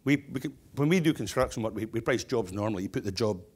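A middle-aged man giving a keynote, spinning funny anecdotes in a loose, chatty way. He circles back and restarts as he talks, and his voice sits at an ordinary middle pitch. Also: lively intonation, fast talker, husky. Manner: humorous storyteller, chatty with restarts. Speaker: keynote speaker, stonemason business owner.

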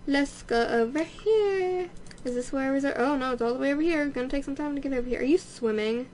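A young woman with a high, bright voice narrates her life-sim game in a bubbly, gushing way, bursting into excitement over small discoveries. Her chatter runs loose and casual, and a faint hiss sits under the recording. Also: fairly quick. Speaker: let's play host. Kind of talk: casual gameplay commentary.

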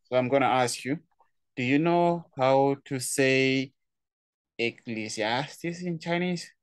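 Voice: medium pitch, takes it slowly, clean tone, no room sound. A Chinese tutor on a video call, giving a casual online language lesson, playful, laughing often and repeating words for drill.

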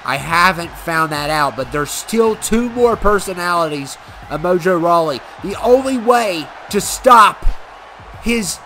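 A man commentating a wrestling video game play by play, excitable and given to shouting and cheering at the big moments. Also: sits high, measured pace, low-quality recording. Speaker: gaming channel host. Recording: loud game crowd and noise behind.

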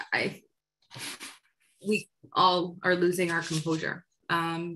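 A woman moderating an academic panel discussion, speaking in a measured, sympathetic way as she steers the talk. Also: lowish voice, a bit bright, rough recording.

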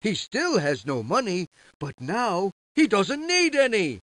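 A woman narrating a children's storybook, giving the characters animated voices. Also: medium pitch, measured pace, no room sound, studio quality.

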